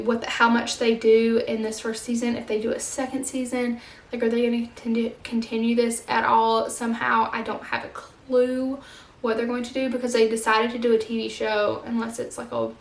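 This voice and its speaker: A woman's voice: fairly high pitch, creaky, roomy sound. A young woman vlogging a casual monthly book wrap-up, chatty and gushing, with lots of fillers.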